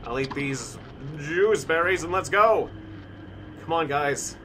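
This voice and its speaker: Animated male game streamer, noisy background. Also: a little high, takes it slowly. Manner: animated, thinking aloud, bursts of shouting. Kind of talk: live-stream gameplay commentary.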